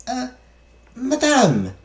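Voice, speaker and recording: A streamer voicing an eager, chatty household servant with a mock French accent that comes out sounding German, in a high, sing-song voice. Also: very slow, exaggerated voice. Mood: hesitant. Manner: gushing, speeds up with excitement. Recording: roomy echo.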